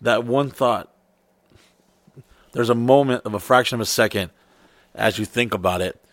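A man's voice: medium pitch, normal speed, dry recording. A middle-aged man in loose, crude conversation, rambling from story to story and swearing freely. His voice sits mid-range, recorded dry and close with no room sound. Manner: profane, rambling, animated storytelling. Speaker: podcast co-host. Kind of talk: crude casual chat.

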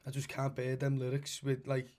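A man's voice: medium pitch, completely flat delivery, moderate pace, a little mellow. Rambling sweary Scouse man. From Liverpool, England. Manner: rambling, sweary, lots of "you know what I mean". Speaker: musician. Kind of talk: casual podcast chat.

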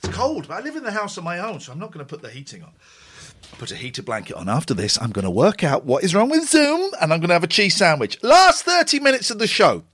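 A man's voice: sits high, wildly swooping pitch, quick pace, fairly bright tone, slightly rough. A man in his forties hosting a late-night radio show alone from home, chatty, rambling and self-deprecating. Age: 40s. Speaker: radio host. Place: home, cold room.

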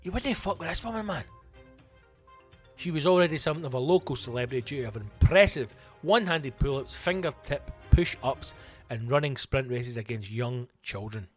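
A Scottish man riffing through a comedy podcast monologue, foul-mouthed and animated, with a voice of ordinary middle pitch. Faint music plays behind him. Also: moderate pace. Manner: sweary, animated, ranting.

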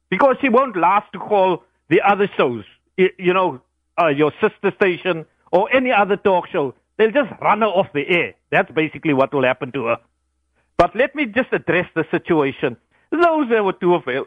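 A man calls in to a talk radio show and makes an impassioned, rambling political case. His voice sits high for a man, and it comes through as dull, dry phone-in audio. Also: dry recording. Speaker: caller.

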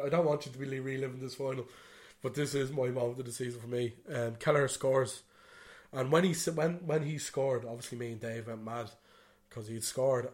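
In a medium-pitched, slightly mellow voice, an Irish man co-hosting a podcast rambles his way through a story. The chat is casual, he swears freely, and "you know what I mean" keeps cropping up.

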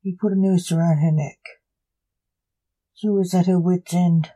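A narrator reading a fan story aloud in slow, halting phrases. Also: mid-range voice, fairly even intonation, warm tone, poor audio.

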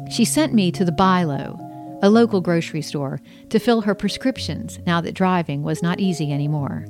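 A woman with a lowish voice reads her own memoir as an audiobook, wry and conversational. She is middle-aged and grew up in the American South. Faint music plays under her voice. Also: moderate pace, darkish tone. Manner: conversational, wry storytelling with lightly acted dialogue. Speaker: author reading her memoir.

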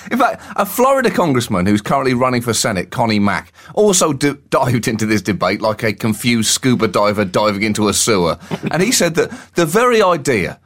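A man's voice: medium pitch, sing-song, fairly quick, hardly any pauses, a bit bright. A man co-hosting a satirical comedy podcast, mocking the news with sardonic remarks and frequent laughter. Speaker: co-host.

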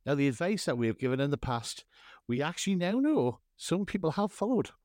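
Lively, theatrical man hosting a podcast. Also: on the high side, fairly quick, dry recording, studio quality. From North East England. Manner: theatrical, mock-grand scene-setting. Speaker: podcast co-host. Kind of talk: casual chat.

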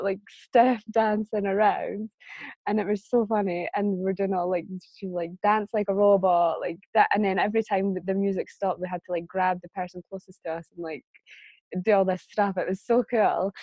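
A woman's voice: medium pitch, fairly even intonation, moderate pace, no room sound. Chatty woman, slightly dull sound. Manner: chatty, storytelling, laughs often. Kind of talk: casual chat.

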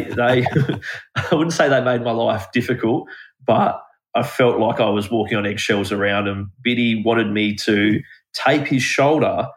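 Low-voiced Australian man telling yarns. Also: low-quality recording. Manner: rambling anecdotal storytelling. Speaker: guest, former country cricket coach. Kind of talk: casual podcast chat.

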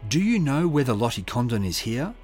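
A man's voice: medium pitch, big pitch swings, a little fast, darkish tone, faint music behind, natural voice. A man voicing a stern male prosecuting barrister who presses the witness with pointed questions. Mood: pressing.

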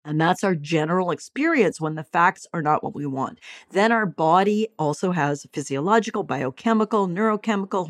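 A woman speaking as a psychologist and teacher, giving an expressive motivational talk on acceptance. She calls her listeners sweethearts and darlings and slows down to stretch key phrases. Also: on the low side, no room sound, studio quality.

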